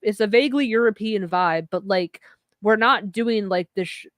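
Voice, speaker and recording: A woman's voice: mid-range voice, moderate pace, no room sound. A woman co-hosting a podcast, chatting casually and laughing often. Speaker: podcast co-host. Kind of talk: casual chat.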